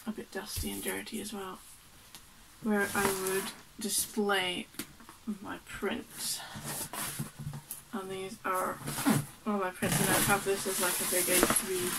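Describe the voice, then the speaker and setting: A woman's voice: medium pitch, background noise. A woman artist chatting casually and rambling as she unpacks her work, laughing often. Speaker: artist vlogger. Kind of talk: casual chat while unpacking.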